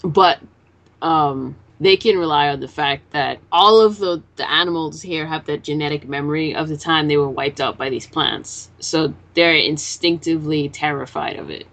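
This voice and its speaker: A woman's voice: deep voice, normal speed, fairly bright tone. A woman in a casual podcast chat, recapping a manga chapter and acting out the characters' lines as she swears casually. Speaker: podcast co-host.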